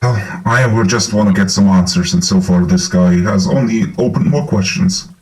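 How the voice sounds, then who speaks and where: A man playing a tabletop game, speaking calmly and reasoning things through. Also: on the low side, moderate pace, recorded from a distance, low-quality recording. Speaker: player. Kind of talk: casual chat in a tabletop game.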